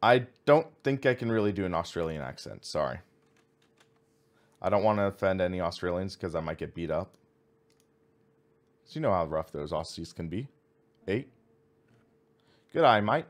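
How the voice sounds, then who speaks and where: A man with a low voice talks at normal speed, pausing often. He's streaming a racing sim with casual live commentary, thinking aloud as he reads out menu items and chats with viewers.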